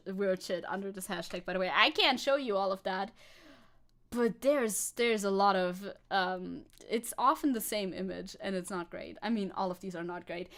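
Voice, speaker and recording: A woman with a German accent giving sarcastic, casual commentary on a live stream, swearing freely. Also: medium pitch. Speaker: VTuber streamer.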